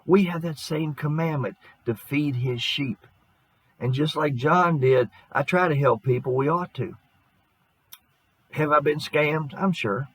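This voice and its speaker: A middle-aged man preaching as a pastor, hoarse and losing his voice, telling a folksy, earnest story in his sermon. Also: fairly high pitch, measured pace, dry recording, rough recording.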